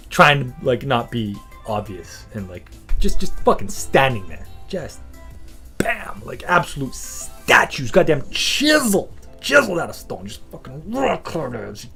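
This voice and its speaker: A man's voice: medium pitch, unhurried, creaky, faint music behind. A man hosting a comedy podcast, riffing in a rambling, profane, swaggering way. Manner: profane, animated, swaggering storytelling. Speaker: podcast host.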